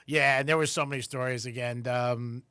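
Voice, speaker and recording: A man with a smooth, medium-pitched voice co-hosts a radio show, speaking at a moderate pace in clean studio sound with no echo. He tells family stories casually and acts out the people he quotes in a raised voice.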